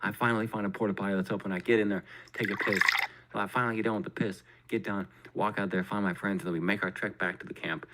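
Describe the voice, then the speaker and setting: A man's voice: fairly low pitch, quick pace, a little hiss or hum. A man hosting a podcast, telling a story in casual chat, swearing constantly and acting out his own reactions. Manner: profane, animated, acts out his own reactions. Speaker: podcast host.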